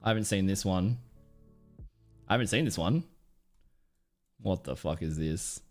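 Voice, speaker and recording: A man's voice: low-pitched, animated, measured pace, faint music behind. A man streaming live, chatting casually and reacting to clips, rambling, swearing and laughing often.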